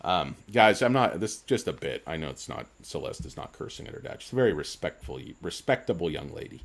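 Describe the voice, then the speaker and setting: A man's voice: low-pitched, very animated, brisk. A tipsy man hosting a casual livestream, rambling jokily and reading out chat names. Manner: rambling, jokey, reads chat aloud. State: tipsy from drinking. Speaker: livestream host.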